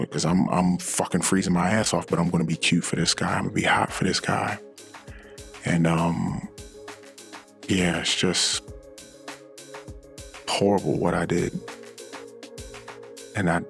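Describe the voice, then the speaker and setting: Brief: middle-aged male podcast host, gravelly and very low, emotional halting monologue, faint music underneath. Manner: halting, emotional, many restarts and fillers. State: emotionally shaken. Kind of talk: personal confessional monologue.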